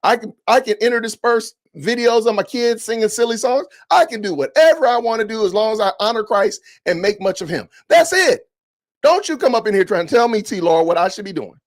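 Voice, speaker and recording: A man hosting a podcast livestream, reading comments aloud with animated, indignant, preachy ranting. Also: sits high, fairly quick, few pauses. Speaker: podcast host.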